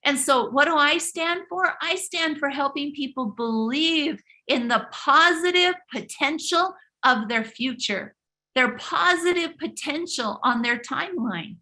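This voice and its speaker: A woman hosts a live motivational stream, preaching emphatically and often repeating or restarting her words. Her high voice is expressive, unhurried, bright and forceful.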